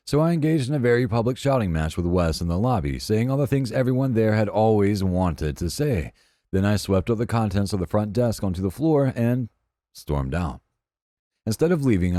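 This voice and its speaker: Deep, dark-voiced male narrator. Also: no room sound, clean studio sound. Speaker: podcast narrator. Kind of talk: scripted narration of reddit stories.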